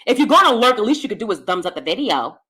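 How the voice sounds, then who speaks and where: American woman commentator, high voice with a wide range, blunt and profane. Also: big pitch swings, quick pace, sharp tone, husky. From United States. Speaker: YouTube commentator. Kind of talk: ranting commentary.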